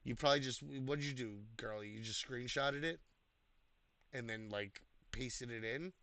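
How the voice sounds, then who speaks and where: Tired man giving halting feedback. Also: mid-range voice, a bit bright, no echo. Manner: halting, many fillers and restarts. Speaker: writing coach reviewing posts. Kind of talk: casual spoken feedback. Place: home desk, online voice chat.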